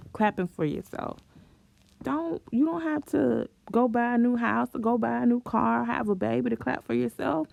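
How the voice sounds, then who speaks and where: A woman's voice: fairly high pitch, moderate pace, vocal fry, darkish tone, no echo. A young woman vlogger giving self-esteem advice in a chatty, encouraging way, often breaking into laughter and playful exclamations. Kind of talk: casual advice talk to camera.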